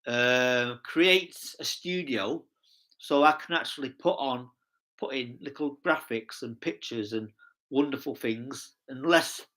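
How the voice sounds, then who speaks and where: A man with an English accent talks through a live stream at an unhurried pace, rambling cheerfully between thoughts. His voice has a bright, forceful edge. He speaks straight to the viewers in his chat. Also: medium pitch. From England. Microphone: streaming setup mic.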